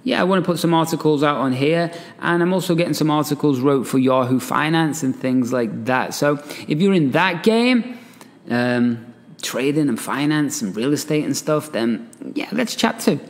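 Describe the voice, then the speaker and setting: Brief: a male podcast host with a higher-pitched voice, animated and conversational, in a room with long reverb. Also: moderate pace. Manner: animated, chatty, laughs often, asides with "right?". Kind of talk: solo podcast talk, reading an article aloud.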